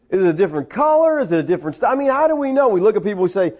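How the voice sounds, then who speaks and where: A man's voice: sits high, very animated, fast, hardly any pauses, darkish tone, highs cut off. A man preaching a sermon as pastor, conversational, with teasing asides to his congregation in a church.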